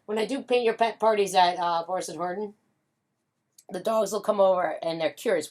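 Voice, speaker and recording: Woman, painting instructor, chatty, upbeat, casual demo, mid-pitched voice. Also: normal speed, darkish tone. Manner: chatty and upbeat, with frequent fillers and hummed doo-doo sounds. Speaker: pet portrait artist and painting instructor.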